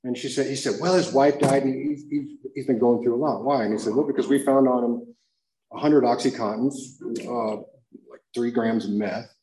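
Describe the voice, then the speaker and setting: A middle-aged American man tells a rambling recovery story with a casual, streetwise manner, often adding "you know what I mean" and "dude". His voice sits at a mid pitch but climbs sharply when he acts out a shouting match. The sound has the roomy echo of a meeting hall. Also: steady tone, normal speed. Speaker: recovery speaker. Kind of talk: recovery share. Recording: echoey room.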